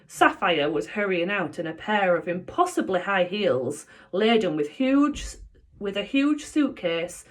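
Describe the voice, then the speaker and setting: Expressive woman reading a children's book. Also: mid-range voice, unhurried. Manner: expressive storyteller. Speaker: teacher reading aloud. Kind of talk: children's book read-aloud.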